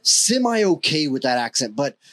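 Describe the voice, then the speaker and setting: A man's voice: a little high, sing-song, moderate pace, a crowd in the background. An American man hosting a podcast, loose and joking with a lot of swearing. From United States. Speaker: podcast host. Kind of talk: casual chat.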